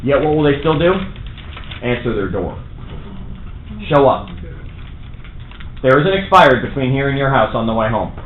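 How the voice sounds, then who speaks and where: A real estate trainer with a New York accent gives a brash, punchy seminar talk to a live audience in a large meeting room, acting out his own sales calls. His mid-range voice is expressive, moderately paced and often pauses. The audio is narrow and tinny, with room echo and faint noise.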